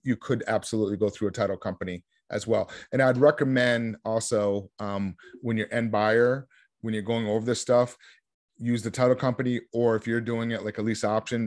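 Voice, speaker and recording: A man taking part as an investor guest in a casual interview over a video call, upbeat and chatty and quick to agree. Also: on the low side, no echo, clean studio sound. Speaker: real estate investor guest.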